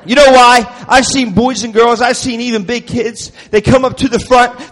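A high-pitched man leads a lively children's sermon, goofing around and calling out for the kids to answer back. His voice rings with long hall reverb, as if in a large church room. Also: normal speed, hardly any pauses. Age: adult. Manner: goofy, teasing, animated. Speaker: children's minister. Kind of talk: playful children's sermon with call-and-response. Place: church youth event hall.

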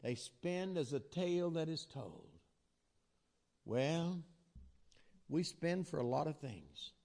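Older male preacher, high voice, folksy storyteller who swings loud to soft. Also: animated, slow pace, vocal fry. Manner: folksy storytelling with plain southern-style grammar; swings from loud exclamations to low asides. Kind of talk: sermon.

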